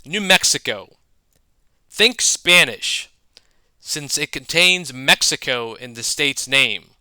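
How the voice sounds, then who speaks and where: A man giving scripted explanatory narration, measured and dotted with wordplay asides. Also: medium pitch, lively intonation, bright, forceful tone, clean tone, no room sound. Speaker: educator.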